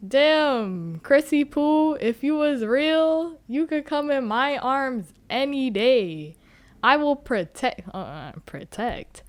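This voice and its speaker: A woman's voice: a little high, no echo. A woman hosting a podcast, recapping a book in a casual, joking way with free swearing. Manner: animated, joking, swears freely. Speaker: podcast host.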